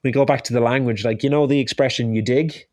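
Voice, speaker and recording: Halting man in a dry studio. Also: mid-range voice, fairly even intonation, darkish tone, dry recording. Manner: hesitant, restarts phrases often. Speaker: chef guest. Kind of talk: casual interview chat.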